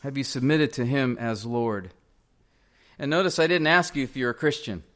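A man's voice: mid-range voice, animated, normal speed, fairly bright tone. A male pastor preaching a sermon in a church, earnestly pressing direct questions on the congregation.

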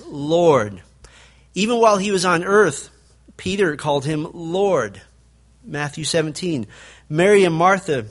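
A male pastor preaching a sermon, building to emphatic peaks and then dropping to a quiet, low delivery.

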